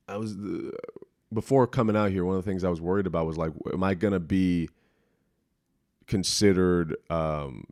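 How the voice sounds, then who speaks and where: A man's voice: low-pitched, a little mellow, no echo, studio quality. A young man talking in a casual solo podcast from his apartment, rambling and self-deprecating, swearing freely and restarting his sentences. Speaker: podcast host. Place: small apartment room.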